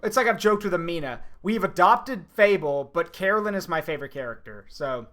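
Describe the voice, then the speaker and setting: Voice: mid-range voice, lively intonation, fairly quick, fairly bright tone, faint music behind. Chatty streamer rambling about a game. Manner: chatty, rambling explanations with fillers. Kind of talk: casual game commentary.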